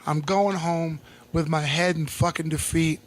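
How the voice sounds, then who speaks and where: Comedian co-host, male, from Texas, higher voice, profane and laughing storyteller. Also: fairly even intonation, a little slow, a little hiss or hum. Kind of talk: casual storytelling.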